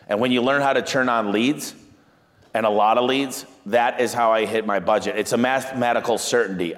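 A man, a business owner, talking energetically about marketing and sales, telling stories and acting out what customers say. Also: in a large hall. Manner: energetic storyteller, acts out quoted clients in a higher voice. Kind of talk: animated business talk.

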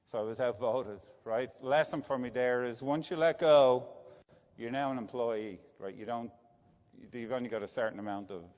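A man's voice: medium pitch, normal speed. A middle-aged Irish man, a business executive, telling a story in a conversational way, often checking in with "right?". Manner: anecdotal, tag questions like "right?". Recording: dull lo-fi sound with long reverb.

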